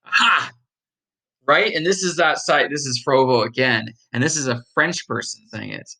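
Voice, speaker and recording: A man's voice: medium pitch, moderate pace, creaky, bright, forceful tone, rough recording. A man thinks aloud, reading course notes and practising a pronunciation in a casual study session. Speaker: online study blogger.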